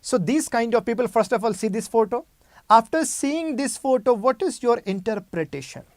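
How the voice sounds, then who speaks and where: A man's voice: extremely high pitch, expressive, normal speed, no room sound. Man lecturing on psychiatry cases. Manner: explains by repeating key terms and asking rhetorical questions. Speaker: medical exam lecturer. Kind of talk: clinical lecture.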